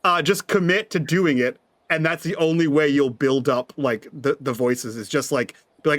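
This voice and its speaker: Frank man giving blunt advice, higher voice. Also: moderate pace, a bit bright. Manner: frank, coaching, swears casually. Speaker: player. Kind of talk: casual advice in a tabletop game chat.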